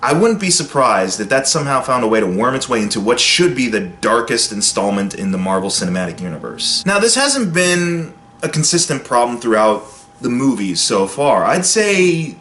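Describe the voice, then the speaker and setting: A man giving a casual, opinionated spoken film review, with sudden jumps in pitch for emphasis. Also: very animated, moderate pace, a bit bright, roomy sound, slight background noise.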